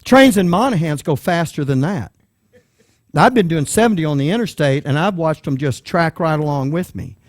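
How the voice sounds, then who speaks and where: A man preaching a sermon, telling a personal story with lively voices for the people in it. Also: fairly high pitch, moderate pace, no room sound, studio quality. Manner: animated storyteller, acts out voices in quotes.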